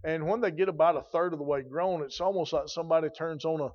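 A man's voice: on the high side, quick pace, darkish tone, highs cut off. A man preaching a sermon in a folksy, emphatic way, his intensity rising and falling. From rural.

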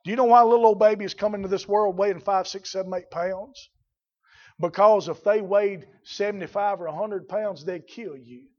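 A man preaching a folksy, blunt sermon that builds to shouting. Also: sits high, fairly even intonation, moderate pace, lo-fi sound.

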